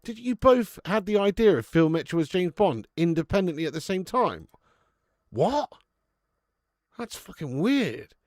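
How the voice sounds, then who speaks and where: A man's voice: high-pitched, very animated, moderate pace, hardly any pauses, dry recording, studio quality. A young man hosting a football watch-along stream, chatting casually with viewers and swearing freely. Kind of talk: casual live-stream chat and match commentary.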